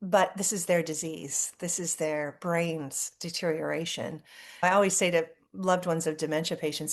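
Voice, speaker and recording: Low-voiced woman author telling stories. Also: steady tone, moderate pace. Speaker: author and guest. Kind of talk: interview conversation.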